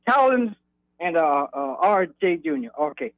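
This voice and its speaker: A man's voice: fairly high pitch, very animated, normal speed, no echo. A man calling in to a radio show, folksy and joking, stammering with fillers. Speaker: caller. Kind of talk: phone-in call. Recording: muffled phone line.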